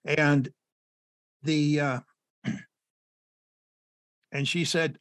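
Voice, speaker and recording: Chatty, high-pitched man telling stories. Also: steady tone, very slow, long pauses, dry recording. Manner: rambling anecdotes with frequent fillers and laughs. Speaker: children's book author, guest. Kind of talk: storytelling in an interview.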